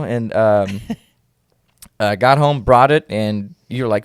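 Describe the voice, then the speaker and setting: A man's voice: mid-range voice, a little slow, clean tone, dry recording, studio quality. A young man from Indiana, a guest musician, telling a story in a casual, laid-back way with many fillers. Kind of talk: casual interview chat.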